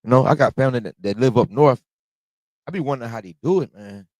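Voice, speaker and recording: A man's voice: mid-range voice, quick pace, a little mellow, no room sound. A man hosting a reaction video, talking casually in slang and joking about the cold, getting over a cold. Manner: slangy, laughing, exaggerated complaints. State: has a cold.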